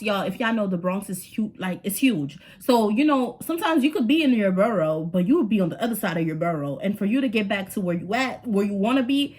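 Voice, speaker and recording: A young woman telling an animated storytime vlog, slangy and talking straight to her viewers. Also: mid-range voice, fairly quick, hardly any pauses. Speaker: vlogger. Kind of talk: storytime vlog, casual chat.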